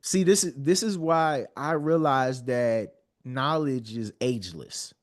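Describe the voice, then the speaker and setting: A man's voice: medium pitch, unhurried. A man in his thirties, a podcast guest, speaking earnestly and often repeating words as he builds a point. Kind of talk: heartfelt conversational storytelling.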